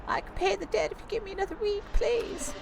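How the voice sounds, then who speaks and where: A woman's voice: very high-pitched, steady tone, fast, vocal fry, background noise, voice pushed up. A woman putting on a quavering old granny. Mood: pleading, tearful. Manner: quavering, stammering, pleading. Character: frail tearful old woman about to be evicted.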